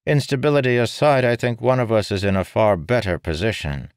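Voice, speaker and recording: A man's voice: mid-range voice, a little fast, clear, resonant tone, no room sound, clean studio sound, pitched above the performer's own voice, close to an everyday voice. A man voicing a proud, suspicious male nobleman who speaks in curt, growling, guarded replies in an audiobook. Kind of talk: audiobook character voice.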